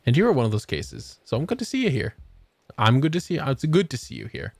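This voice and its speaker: A man's voice: medium pitch, very animated, fast, gravelly, dry recording. A young man streaming a game, chatting casually and joking with swearing, tired after a long work shift. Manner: laid-back, swearing, joking. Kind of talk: casual chat while gaming.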